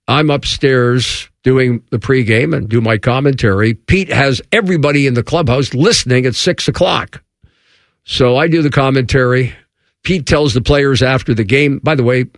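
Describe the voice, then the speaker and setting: A man's voice: moderate pace, no room sound, clean studio sound. A man, a former baseball broadcaster, telling an anecdote and acting out the voices of the people in it. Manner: acts out quotes with raised pitch. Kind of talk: animated storytelling.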